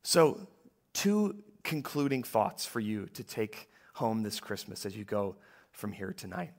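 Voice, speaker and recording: A man preaching a sermon in a church, talking conversationally and moving between hushed lines and emphatic ones. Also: lowish voice, sing-song, unhurried. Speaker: pastor.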